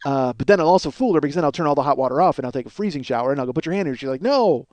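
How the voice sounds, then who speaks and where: A man's voice: mid-range voice, rapid-fire, darkish tone, no echo. A middle-aged man from the Chicago area telling rambling, profane, self-mocking comic stories as a podcast host, acting out bits of dialogue. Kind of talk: comic storytelling monologue.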